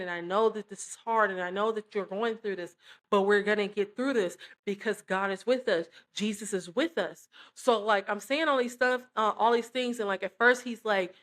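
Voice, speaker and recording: A woman's voice: mid-range voice, a bit bright. A young woman giving a casual spoken faith testimony, full of fillers and acting out quoted dialogue as she tells the story. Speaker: testimony speaker.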